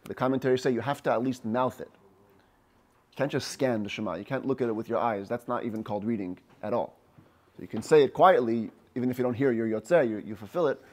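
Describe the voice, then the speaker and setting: In a text study session, a male rabbi reads Hebrew phrases at a slow pace, then explains every one in English. He speaks at a medium pitch.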